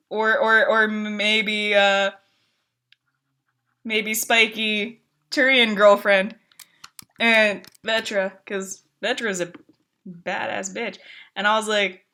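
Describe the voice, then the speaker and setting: A woman streamer in casual chat, telling game stories with frequent laughs and swearing, acting out her own outbursts. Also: slow. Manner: animated storytelling, laughs often, swears, acts out her own outbursts in a high voice.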